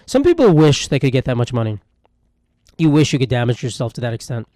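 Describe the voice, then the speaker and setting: A young man at mid pitch rambles through a solo comedy podcast, irreverent and self-mocking, often drifting into muttered asides. The mic is close and dry, with no room sound. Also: sing-song, fast, mellow, no echo. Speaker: podcast host.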